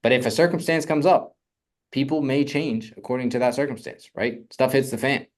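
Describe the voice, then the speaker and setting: A young man coaching on real estate funding in a casual, energetic teaching talk, often asking "right?". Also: medium pitch, brisk.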